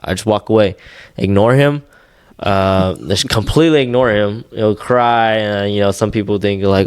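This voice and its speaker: With a smooth, lowish voice at normal speed, this young adult podcast co-host chats casually on a dry recording. He rambles, often restarting and using fillers.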